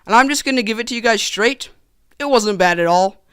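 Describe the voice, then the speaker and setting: A teenage young man narrating a comedic storytime vlog in a sarcastic, animated, joking manner. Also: sits high, fairly quick, clean tone, no room sound, studio quality. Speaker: vlogger.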